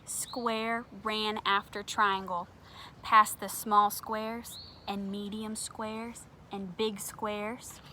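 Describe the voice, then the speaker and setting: A woman reading a children's picture book aloud at home, gentle and expressive, turning to chat with the little ones listening. She takes her time over every line, with a bright, clear, forward voice and a faint hiss of noise behind her. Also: mid-range voice, very slow. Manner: gentle, expressive, talks to young viewers.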